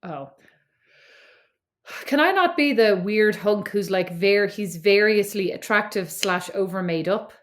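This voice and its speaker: A woman's voice: medium pitch, lively intonation, a little slow. A middle-aged woman with an Irish accent co-hosts a podcast from a remote recording setup. She chats casually, teasing her co-host and spinning anecdotes. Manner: chatty, teasing, storytelling. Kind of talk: casual chat.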